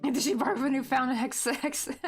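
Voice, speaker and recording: A woman's voice: sits high, fairly quick, husky, soft background music. A woman from Tennessee with a light West Tennessee Southern accent, chatting casually and rambling with lots of fillers while she crochets on a livestream. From Tennessee, United States.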